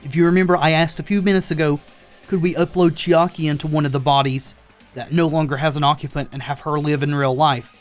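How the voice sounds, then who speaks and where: A man with a slightly higher voice gives lively let's-play commentary over a visual novel. He reacts out loud and answers the characters back. Faint game music plays under his voice. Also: fairly quick. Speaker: gameplay commentator.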